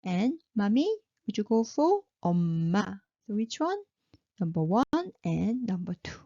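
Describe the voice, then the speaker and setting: A woman leads a patient pronunciation drill, repeating each syllable three times and cheering her learners on. Her pitch swings widely, and her voice is warm and mellow. It is a dry, close recording with a slightly dull, lo-fi sound. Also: sing-song, normal speed, no echo. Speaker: Korean language teacher. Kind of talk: slow, drilled pronunciation lesson.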